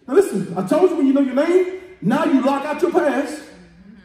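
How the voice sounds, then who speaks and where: High-voiced preacher, echoey sanctuary. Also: male voice, animated, normal speed. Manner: rhythmic repetition, call-and-response, shouting at peaks. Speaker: pastor. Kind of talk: sermon. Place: church sanctuary. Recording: echoey church hall, mic at a distance.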